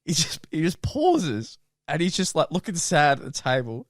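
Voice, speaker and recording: Podcast co-host man, fairly high and very expressive, casual storytelling that keeps breaking into laughs, dry booth sound. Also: normal speed, no echo. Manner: animated, laughs through his own story; acts out friends' lines in lowered quoted voices.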